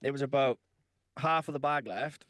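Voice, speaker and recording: A man's voice: mid-range voice, moderate pace, fairly bright tone, dry recording. A man co-hosting a podcast, telling crude stories with lots of swearing, laughing and acted-out quotes. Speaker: podcast co-host. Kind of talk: crude casual storytelling.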